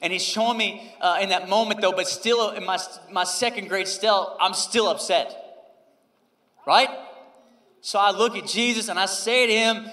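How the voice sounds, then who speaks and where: A man in his thirties, a pastor preaching a sermon and telling a personal story, moving between loud emphasis and hushed, quoted prayer. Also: high-pitched, moderate pace. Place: church sanctuary. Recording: roomy hall reverb.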